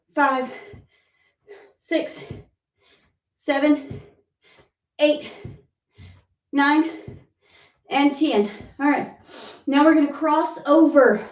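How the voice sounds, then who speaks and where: A woman leading a live workout class, counting reps aloud and encouraging the listener while out of breath. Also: high voice. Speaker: fitness instructor. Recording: roomy sound, mic at a distance.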